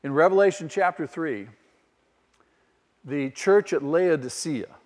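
A man's voice: a little high, unhurried, a little mellow. Man preaching with long hall reverb. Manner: emphatic preaching with rhetorical questions to the congregation. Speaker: pastor. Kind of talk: sermon.

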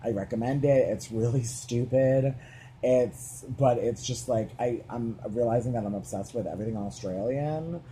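A man's voice: medium pitch, normal speed, dark tone. Brief: male podcast co-host, chatty and rambling, filler-heavy, light hiss behind. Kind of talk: casual chat.

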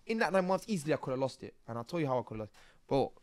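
A man's voice: mid-range voice, racing, dry recording. Slangy man telling stories. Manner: streetwise slang, tags lines with "bro" and "yeah"; animated, rising when excited. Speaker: podcast guest. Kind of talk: casual interview storytelling.

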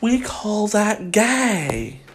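A woman from Kentucky with a Kentucky Southern accent, hosting a crude, sassy comedic gossip monologue with drawn-out emphasis. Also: medium pitch, sing-song, slight background noise. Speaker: celebrity gossip host.

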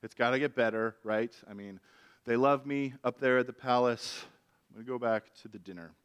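A man voicing a smug, scheming court official who talks brashly and fast. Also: mid-range voice, clear, resonant tone, close to an everyday voice. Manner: casual, brash, quick. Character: smug scheming royal official, self-assured.

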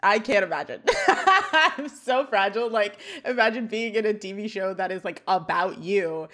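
A woman co-hosting a podcast, walking through episode scenes in a relaxed, chatty way. She reads the action aloud and laughs often. Her voice sits at a middling pitch. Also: normal speed. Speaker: podcast co-host. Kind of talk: casual recap chat.

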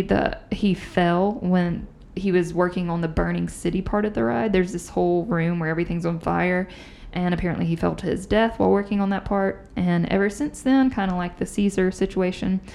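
A woman's voice: on the low side, gravelly. A woman hosting a podcast, telling ghost stories in a chatty, casual way. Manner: chatty, animated storyteller. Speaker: podcast host. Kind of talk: casual chat, storytelling.

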